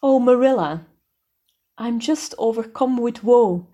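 A woman's voice: on the high side, slow pace, mellow, voice pushed up. A woman voicing a dramatic, tearful young orphan girl who wails her woes. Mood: wailing. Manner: wailing, melodramatic.

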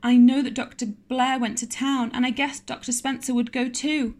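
A frightened young girl pleads in a high, strained voice, breathless and close to tears. She sounds louder and higher than the storybook's plain narration, as a woman reader puts her on. The delivery stays urgent and tearful throughout. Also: little pitch movement, normal speed. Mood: sobbing.

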